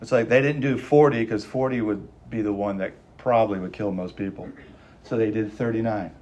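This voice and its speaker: Here the preacher's voice sits a bit low, steady and slightly mellow. His sermon is emphatic and pressing, with lines repeated for weight and a tempo that rushes, then eases off.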